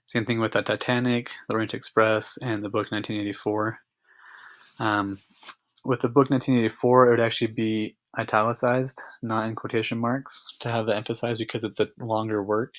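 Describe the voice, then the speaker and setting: A man narrates a slideshow lesson in a low voice, stopping often for fillers and restarting sentences. His delivery stays level and even. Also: a little fast. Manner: relaxed explanatory, many fillers. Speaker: teacher.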